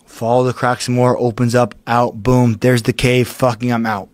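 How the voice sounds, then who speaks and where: A man's voice: medium pitch, brisk, no room sound. Male podcast guest, intense profane storyteller, dry mic sound. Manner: profane, breathless retelling of a panic.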